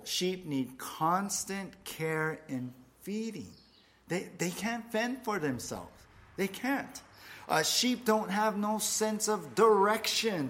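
Male pastor, slightly high voice, relaxed chatty sermon delivery with playful asides. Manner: conversational, with playful asides and fillers.

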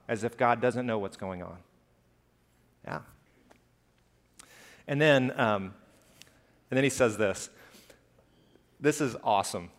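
A man's voice: mid-range voice, slow pace, pauses often. A man preaching a sermon in a church, talking casually and rising into impassioned outbursts. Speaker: pastor. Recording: hall reverb.

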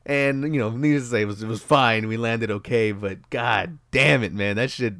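A young man casually retelling a story, rambling and swearing freely, with lively bursts as he acts out the moment. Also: medium pitch, moderate pace, no room sound, studio quality.

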